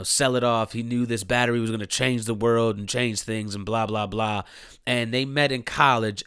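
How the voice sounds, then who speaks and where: A man giving a blunt, animated, profane movie review rant, often laughing as he talks. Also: medium pitch, clear, resonant tone, dry recording, clean studio sound.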